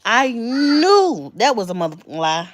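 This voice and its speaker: A woman's voice: fairly high pitch, big pitch swings, moderate pace. Chatty woman in her late thirties. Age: late 30s. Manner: chatty, confiding, addresses viewers as y'all and honey. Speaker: livestream host. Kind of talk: casual live-stream chat.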